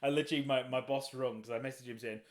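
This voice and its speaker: Middle-aged male podcast host, hoarse with a cold, husky and chatty, quick to laugh. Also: medium pitch, fairly even intonation. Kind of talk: casual chat.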